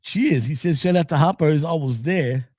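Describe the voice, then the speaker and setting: Male podcast co-host with a high voice and a dry close sound, loose, rambling wrestling chat. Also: moderate pace, a little mellow, no room sound. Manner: laughs often, loose and rambling. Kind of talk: casual wrestling recap chat.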